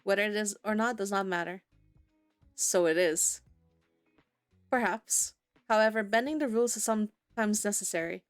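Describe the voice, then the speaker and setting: A woman's voice: mid-range voice, moderate pace, pauses often, clear, resonant tone, no echo, clean studio sound, faint music behind, lightly acted. A woman voicing an aloof male Grim Reaper who speaks in stiff, formal sentences. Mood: cool.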